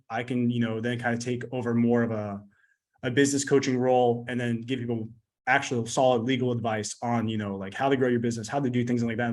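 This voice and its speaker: A man's voice: medium pitch, darkish tone. A man in his thirties, a podcast guest talking bluntly and profanely, rambling with lots of fillers. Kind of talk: casual podcast interview.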